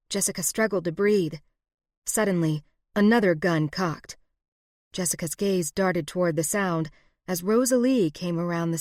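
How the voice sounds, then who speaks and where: A woman narrating a frontier romance novel in a steady, even storytelling manner. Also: on the low side, no room sound, studio quality. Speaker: audiobook narrator. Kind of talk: scripted narration.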